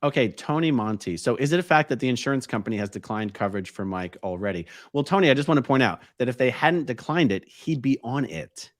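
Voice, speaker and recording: A man's voice: mid-range voice, expressive, quick pace, few pauses, dry recording, studio quality. A man hosting a livestream, reading viewer comments aloud in an easygoing, casual way. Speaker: host reading live chat.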